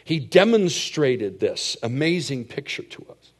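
A middle-aged man preaching a sermon with a mid-range voice. He tells stories in an animated way. He drops to quiet asides and then rises to loud, emphatic declarations. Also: medium pitch, a little slow. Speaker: pastor.

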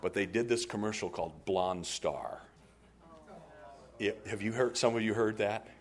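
A man preaching a sermon as a pastor, telling stories in an animated way and laughing often. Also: fairly low pitch, normal speed.

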